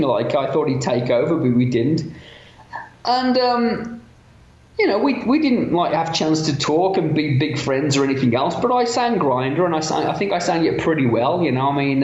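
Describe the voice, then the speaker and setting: A man's voice: a little high, a little mellow. A man from England in his fifties with a Birmingham accent, a guest telling long, profane, rambling anecdotes in casual conversation. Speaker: interview guest. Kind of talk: casual storytelling. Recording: roomy, dull lo-fi sound.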